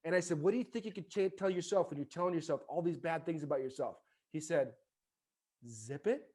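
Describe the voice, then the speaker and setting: High-pitched man, casual chat guest, lively storytelling with voices. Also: fast. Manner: animated storyteller acting out dialogue. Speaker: podcast guest, former baseball player.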